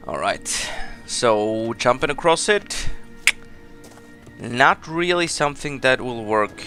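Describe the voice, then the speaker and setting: Male gameplay commentator, bright and a touch high, chatty and self-mocking, soft game music behind. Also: big pitch swings, slow pace. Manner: chatty, rambling, laughs at himself. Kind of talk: casual let's play commentary.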